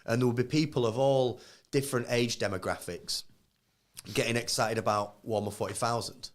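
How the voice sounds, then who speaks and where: A man's voice: mid-range voice, steady tone, a little fast. A man in his thirties co-hosting a live podcast, chatting casually and acting out quoted voices as he tells stories. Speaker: podcast co-host.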